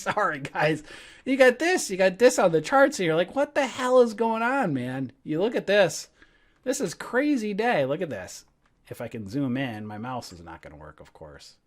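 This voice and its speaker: A man venting on a live trading stream, his pitch swinging up and down as he swears and laughs through his frustration. He talks at a desk mic from home and then settles into reading charts. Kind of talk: ranting live-stream chat.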